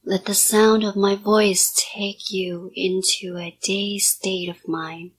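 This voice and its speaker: Breathy, slow-whispering woman hypnotist. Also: mid-range voice, level tone. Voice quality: soft, partly whispered. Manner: slow, repetitive hypnotic commands. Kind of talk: whispered role-play.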